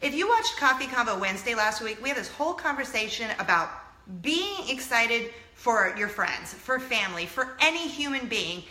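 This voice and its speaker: A woman's voice: a little high, very animated, normal speed, bright, forceful tone, reverberant. A woman in her thirties, telling a personal story to her viewers in a casual, earnest and emotional way, close to tears at times. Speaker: vlog host.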